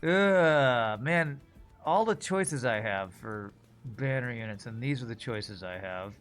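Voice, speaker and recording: A man's voice: medium pitch, expressive, slow, fairly bright tone, clean tone, faint music behind. A man streaming a card game, chatting casually and thinking aloud about his moves. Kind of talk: casual gameplay commentary.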